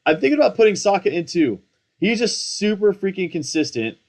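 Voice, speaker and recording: A young man in casual commentary, excitable and rambling, slangy and self-mocking, hyped up on coffee. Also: sits high, fairly quick. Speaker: fantasy football content creator.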